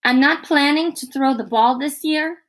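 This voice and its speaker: A woman's voice: sits high, normal speed, voice pushed up, close to an everyday voice, low-quality recording. A woman voicing a bossy, cocky teenage boy quarterback in a storybook reading, brash and upbeat. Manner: brash, upbeat, gasping after a hit.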